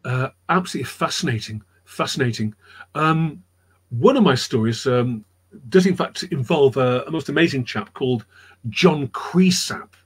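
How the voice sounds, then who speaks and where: A man's voice: mid-range voice, animated, normal speed, slightly rough. A man telling history anecdotes in a rambling, chatty way on a live chat show, repeating his words as he goes. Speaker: storyteller guest.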